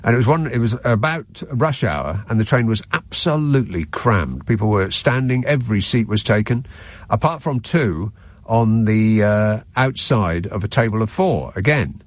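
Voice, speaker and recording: A man's voice: fairly low pitch, normal speed, no room sound. A man co-hosting a chat show, telling a wry anecdote with a cold. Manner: wry anecdotal storyteller, animated. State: has a cold. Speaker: radio show co-host. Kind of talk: casual chat, storytelling.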